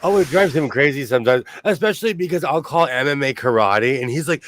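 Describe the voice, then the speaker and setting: A man's voice: medium pitch, fast, a little hiss or hum. A man hosting a sewing show, rambling through stories and laughing often in casual chat. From New York State. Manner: rambling, animated storyteller who laughs often.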